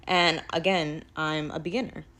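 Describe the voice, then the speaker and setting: A woman's voice: deep voice, fairly even intonation, normal speed, pushed and bright. A woman casually telling a personal spiritual story, chatty and rambling, peppered with "like.". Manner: chatty, rambling, heavy use of "like".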